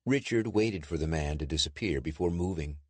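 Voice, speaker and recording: A man narrating a pulp adventure audiobook in lively storytelling. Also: extremely low pitch, a little fast, slightly rough, dry recording. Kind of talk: scripted narration.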